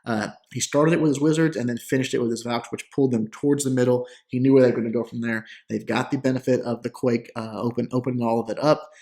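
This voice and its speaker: A young man hosting a gaming channel, giving relaxed, chatty commentary over gameplay with lots of "uh" and restarts. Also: mid-range voice, quick pace, hardly any pauses.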